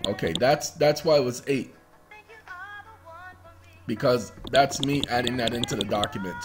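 A man hosting his own video, rambling casually through documents on his screen, addressing viewers as y'all and breaking into bits of song. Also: medium pitch. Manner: rambling, talks to viewers as y'all, sings snatches of songs. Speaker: video host. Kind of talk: casual screen-share commentary.

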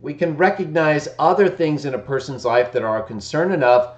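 A man hosting a daily Bible-text live stream, talking in a casual preaching way, argumentative, often asking "right?" and chuckling, his morning voice not quite warmed up. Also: a little high, animated, fairly quick. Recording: echoey room, dull lo-fi stream audio.

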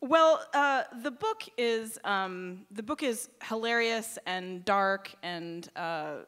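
A woman hosting a live radio show, interviewing a guest on stage in a friendly, halting way. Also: medium pitch, a bit bright, clean tone.

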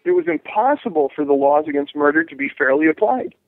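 A man's voice: a little high, fast talker, no echo. A talkative man on a tinny phone line. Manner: animated, acts out quoted voices, many restarts. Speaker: jury rights activist, guest. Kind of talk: interview over phone.

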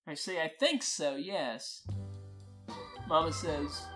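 A storyteller in a slow, poetic spoken-word style, blunt and profane in their phrasing. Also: mid-range voice, lively intonation, over loud music.

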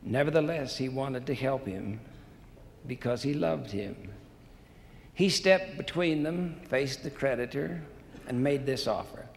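A church leader telling a parable in a measured, deliberate sermon at a conference in a large assembly hall. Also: male voice, mid-range voice, vocal fry. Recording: long hall reverb, faint noise.

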